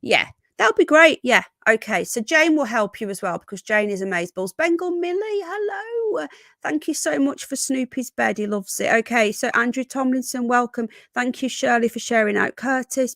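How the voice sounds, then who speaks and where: Croaky lady doing a chatty livestream, calls everyone darling, dry close sound. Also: on the high side, normal speed, a bit bright, no room sound. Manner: chatty, greets viewers by name with endearments. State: a bit croaky. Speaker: livestream host. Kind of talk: casual live-stream chat.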